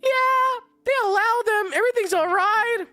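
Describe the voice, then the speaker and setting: A man voicing an effusive, grateful lady traveler in a high, sing-song tone. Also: normal speed, pushed and bright, no room sound, soft background music, exaggerated voice. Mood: gushing.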